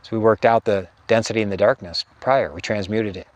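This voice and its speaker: A middle-aged man, a spiritual teacher, telling a meandering story in a halting way, full of restarts and trailing phrases. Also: fairly low pitch, steady tone, a little mellow.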